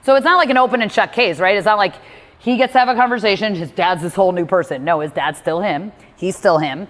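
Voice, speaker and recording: A woman's voice: medium pitch, quick pace, big-room sound. A woman giving candid one-on-one advice in a blunt, emphatic way, swearing freely. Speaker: personal growth speaker coaching a listener.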